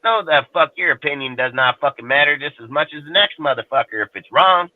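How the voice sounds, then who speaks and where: A man's voice: on the high side, lively intonation, quick pace, dry recording. A man in casual chat, ranting bluntly and swearing heavily. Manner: profane, blunt, heated. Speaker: roundtable panelist. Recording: tinny, dry call audio.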